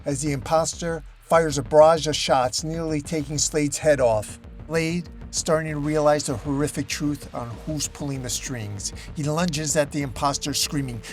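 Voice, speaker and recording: Male host, fairly high voice, dramatic comic-recap narration. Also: fairly even intonation, normal speed, soft background music. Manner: dramatic, emphatic storytelling.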